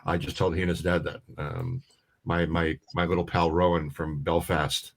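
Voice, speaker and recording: A man's voice: low voice, moderate pace. A middle-aged man, a comedian telling a joke and chatting casually with many fillers. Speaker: comedian guest. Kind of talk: casual storytelling chat.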